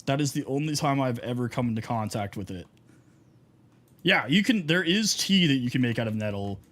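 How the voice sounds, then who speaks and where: A man's voice: medium pitch, lively intonation, a little fast, fairly bright tone. A young man from Texas, a streamer chatting casually while gaming, rambling through stories with lots of fillers. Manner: rambling storyteller, heavy on fillers.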